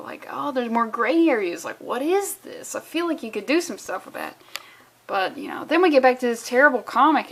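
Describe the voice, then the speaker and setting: A woman's voice: a little high, fairly bright tone. Sarcastic, profane woman reviewing comics. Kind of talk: casual commentary vlog.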